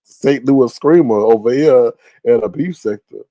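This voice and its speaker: A man's voice: mid-range voice, unhurried, mellow, no room sound. A man hosting a casual livestream, chatting animatedly and reading viewer comments aloud. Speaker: livestream host. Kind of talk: casual live-stream commentary.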